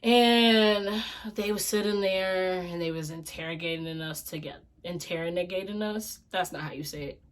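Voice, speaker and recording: A woman vlogger telling a casual storytime tale in an animated, slangy, expressive way. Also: on the low side, moderate pace.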